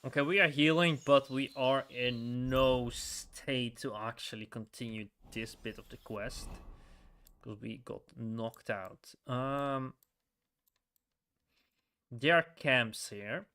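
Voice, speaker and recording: A man's voice: mid-range voice, slow, bright, forceful tone. A man giving casual let's-play commentary while playing a story game, rambling with frequent chuckles and restarts.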